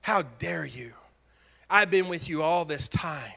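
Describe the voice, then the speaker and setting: A resentful older brother, indignant and aggrieved, as a preacher acts him out. The voice is high, bright and forceful, pressing each complaint hard in a sermon retelling. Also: male voice, animated, slow, creaky, exaggerated voice.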